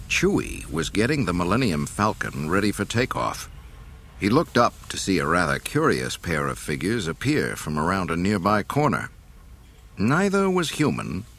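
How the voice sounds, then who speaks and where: Deep husky male storyteller. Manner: expressive, voicing every character. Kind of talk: dramatic storybook narration.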